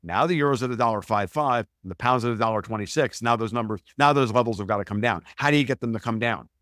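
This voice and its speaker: A man talking as a guest analyst in a podcast interview, emphatic and profane, piling up quick digressions and restarts. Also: medium pitch, a bit bright, dry recording, studio quality.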